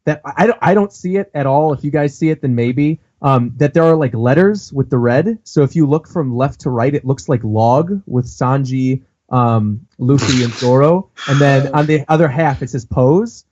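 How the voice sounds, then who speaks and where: A man co-hosting a casual podcast, recapping a comic chapter with animated delivery. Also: normal speed, few pauses. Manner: animated, acts out character lines in a higher voice. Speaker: podcast co-host. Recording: dull lo-fi podcast audio.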